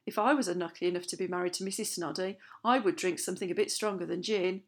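A woman playing a gentle, joking father in a storybook reading. He teases lightly and coaxes his son with easy encouragement. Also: fairly low pitch, fairly even intonation, quick pace. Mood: wry gossip. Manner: warm, teasing, gently encouraging. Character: kind, joking middle-aged father.

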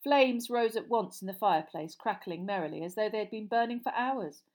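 A woman narrating a storybook audiobook in a steady, clear reading voice. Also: medium pitch, brisk.

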